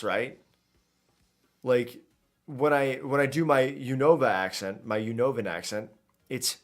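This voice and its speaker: A man streaming a video game, chatting casually in a rambling, jokey way and often tripping over his words. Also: mid-range voice. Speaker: gaming streamer. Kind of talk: casual let's-play commentary.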